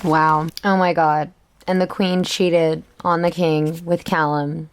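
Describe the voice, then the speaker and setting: A woman's voice: low-pitched, flat delivery, slow, clean tone. Gushing young woman book vlogger. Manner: gushing, dramatic reactions. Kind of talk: casual reading vlog chat.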